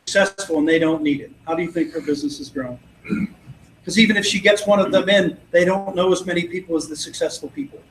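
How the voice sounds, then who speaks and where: A fast-talking man with a high, fairly bright voice works as a network marketing trainer, giving a motivational sales talk at an event venue. He confidently acts out both halves of the conversations in his stories to persuade the audience, in a room that echoes and has faint noise.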